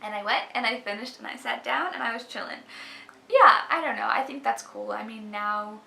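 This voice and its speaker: A woman's voice: a little high, moderate pace, gravelly, bright, forceful tone. A young woman talking casually to her camera in a chatty vlog style, filling her speech with "like". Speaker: vlogger. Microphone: camera mic. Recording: echoey room.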